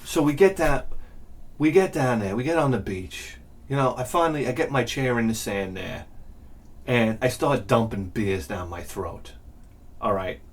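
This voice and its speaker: A middle-aged man hosting a vlog rants animatedly through a profane, exasperated story played for comedy. His voice is medium in pitch and his pace is moderate.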